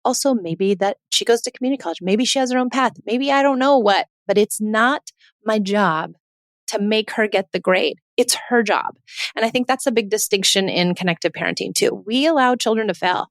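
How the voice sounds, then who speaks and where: A woman's voice: medium pitch, normal speed, no room sound, studio quality. A woman, hosting a parenting podcast in an earnest, emphatic monologue that keeps repeating her points.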